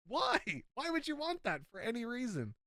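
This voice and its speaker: Bright-voiced blunt Irish man. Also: very high voice, huge pitch swings, normal speed, creaky, dry recording, studio quality. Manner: blunt, frequent swearing, emphatic rants. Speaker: esports caster. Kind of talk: casual podcast chat.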